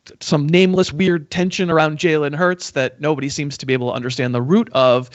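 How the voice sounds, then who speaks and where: A man's voice: on the high side, steady tone, fast, no room sound. A man hosting a football show, analyzing casually with a dry, teasing manner and stammered restarts. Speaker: podcast host. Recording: dry muffled lo-fi audio.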